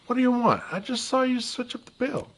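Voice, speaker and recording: A man reading the lines of a hot-headed young male street punk in a video game, shouting and snarling insults. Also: extremely high pitch, very animated, fairly quick, pitched above the performer's own voice, exaggerated voice. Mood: aggressive.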